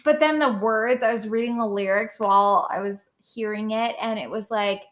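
A woman's voice: mid-range voice, moderate pace. A young adult woman co-hosting a podcast, chatting casually with blunt, profane opinions. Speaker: podcast co-host. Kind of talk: casual chat.

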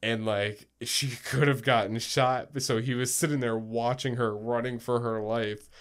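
A man's voice: mid-range voice, a little slow, smooth. Young male podcast co-host from New Jersey, casual, profane, mid-range voice. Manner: swearing, animated storytelling, mock outrage. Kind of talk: casual chat.

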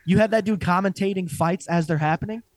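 A man's voice: high voice, fast, dry recording. A young man co-hosting a casual fight-talk podcast, swearing freely and laughing often as he chats. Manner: profane, animated, laughs often. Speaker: podcast co-host. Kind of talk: casual chat.

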